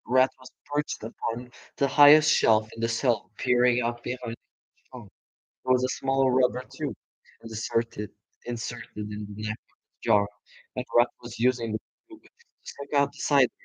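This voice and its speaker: A man narrating a children's book in a live read-aloud, expressive, with chatty asides. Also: mid-range voice, normal speed, no room sound, low-quality recording. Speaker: storyteller.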